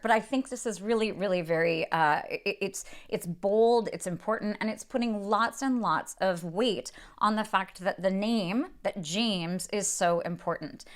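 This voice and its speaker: A woman hosting a book podcast, explaining a novel in a thoughtful, unscripted way and reading passages aloud. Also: mid-range voice. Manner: thoughtful, explanatory, with frequent restarts and fillers. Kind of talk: casual literary talk with read-aloud passages.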